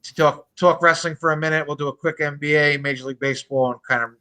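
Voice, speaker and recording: A man in his thirties with a bright, forceful voice sits in on a casual podcast chat. He rambles through stories, swears freely, and his voice sits a touch high for a man. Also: steady tone, quick pace, poor audio. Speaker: podcast co-host.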